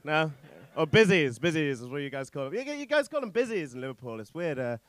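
Young man doing stand-up, crisp voice. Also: on the high side, sing-song, a little fast. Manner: self-deprecating, swearing, rambling with fillers. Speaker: stand-up comedian. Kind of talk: stand-up comedy set. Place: comedy club stage.

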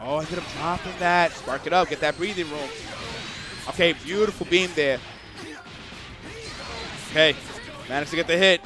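A man doing live commentary on a fighting game match, excitable and swearing freely, breaking into shouts. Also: a little high, moderate pace, long pauses, music in the background.

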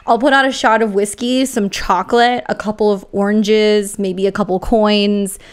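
A woman's voice: mid-range voice, fairly even intonation, normal speed, clear, resonant tone. A woman co-hosting a podcast in casual chat, chatty and laughing, loose with her fillers. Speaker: podcast co-host.

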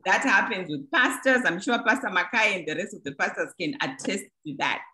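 A woman's voice: medium pitch, lively intonation, a little fast, bright, forceful tone, rough recording. A middle-aged woman giving an earnest church teaching on boundaries, in plain words, acting out short everyday examples. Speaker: speaker teaching a church group. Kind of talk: teaching talk to a congregation.

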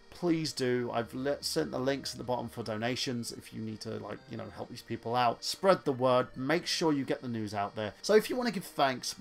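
A man's voice: medium pitch, creaky. An English man vlogging, talking earnestly and rambling with many restarts. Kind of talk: casual opinion vlog.

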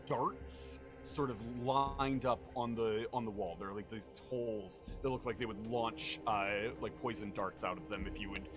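A man's voice: lowish voice, moderate pace, hardly any pauses. A man running a tabletop game on a live stream, narrating in a rambling way with many fillers. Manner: rambling, full of fillers, laughs often. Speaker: game master. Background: music.

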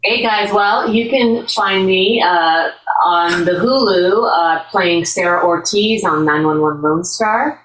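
Low-voiced actress in an echoey room. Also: female voice, takes it slowly, distant mic, a little hiss or hum. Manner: warm, upbeat, a little rambling. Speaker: actress and voice actor. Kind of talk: casual panel chat.

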